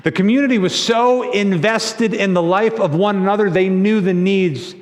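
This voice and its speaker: Male pastor, sermon delivery, conversational and animated, high pitch, reverberant sanctuary. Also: normal speed. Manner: animated storytelling with acted-out quotes; conversational, repeats words. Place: church sanctuary. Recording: long church reverb.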